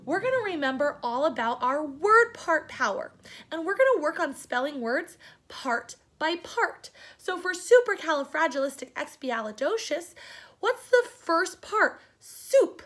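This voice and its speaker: A young woman teacher giving a phonics lesson to children, sounding words out slowly part by part and encouraging them. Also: high voice, sing-song, fairly bright tone. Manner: slow, sounding out word parts, encouraging.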